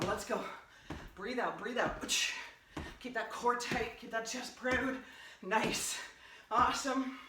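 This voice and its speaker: A woman fitness instructor leading a home workout, giving upbeat cues and counting down reps, out of breath at times. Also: on the high side. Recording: roomy, distant, noisy home recording.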